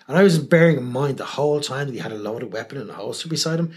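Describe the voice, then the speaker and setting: Animated, fast-talking man. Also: mid-range voice. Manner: animated storyteller, acts out quoted people, swears freely. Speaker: guest, television presenter. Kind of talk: casual anecdotal interview talk.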